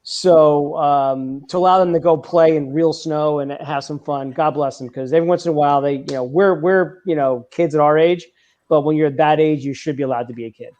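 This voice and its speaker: A man's voice: on the high side, fairly quick, darkish tone, muffled recording. A man in his forties who talks in a chatty, rambling way with many fillers and restarts, speaking as a guest over a remote call on a live stream. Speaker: event organizer guest. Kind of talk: casual chat on a live stream.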